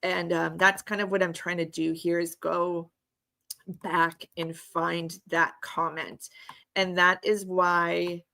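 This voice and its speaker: A woman giving casual true crime commentary to her viewers. She talks hesitantly with many filler ums, and her voice is slightly hoarse. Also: lowish voice, pushed and bright.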